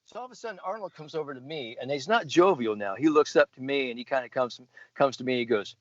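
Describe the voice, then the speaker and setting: A middle-aged American man, a sports psychologist, telling a folksy story with animated asides and laughs. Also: mid-range voice, brisk, no echo, muffled recording. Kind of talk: casual storytelling.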